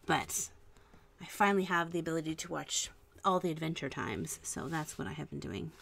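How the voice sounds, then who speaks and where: A woman hosting a casual live stream at home, chatting and musing aloud while she paints, with soft trailing asides. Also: sits low, moderate pace, creaky. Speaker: art channel host.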